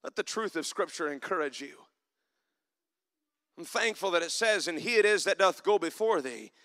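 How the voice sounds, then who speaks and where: A man preaching a sermon in church, climbing to loud emphatic passages and dropping to soft, reflective asides. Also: high-pitched, expressive, normal speed. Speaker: pastor.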